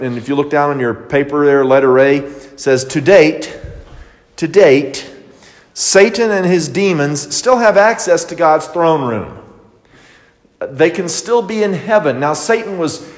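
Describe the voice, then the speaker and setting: A man leads a Bible study, reading verses and then explaining them in a relaxed way full of restarts and fillers. His voice sits a little high for a man. The sound carries a long reverb from a church hall. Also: a little slow. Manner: conversational, many fillers and restarts. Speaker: Bible teacher.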